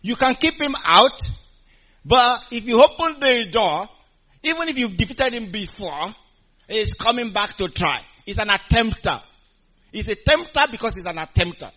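A man preaching a sermon, animated and calling out to his congregation, chuckling between points. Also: high-pitched. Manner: animated, call-and-response with congregation. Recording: dull lo-fi recording.

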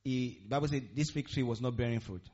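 A man's voice: mid-range voice, fast, a little mellow, husky. Guy preaching, keeps throwing questions at the room and repeating himself, kinda dull lo-fi sound. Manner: call-and-response questions, repeating phrases for emphasis. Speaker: pastor. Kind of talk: interactive sermon.

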